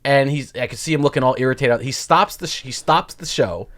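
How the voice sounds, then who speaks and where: A man's voice: mid-range voice, a little fast. A man co-hosting a comedy podcast, casually telling stories and acting out the people in them. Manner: animated storyteller, acts out quotes. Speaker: podcast co-host, stand-up comedian. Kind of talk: casual chat.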